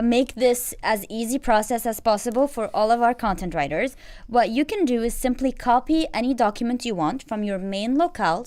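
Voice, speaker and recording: A woman giving a casual live software demo, chatty and playful, laughing often. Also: on the high side. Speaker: product demo presenter.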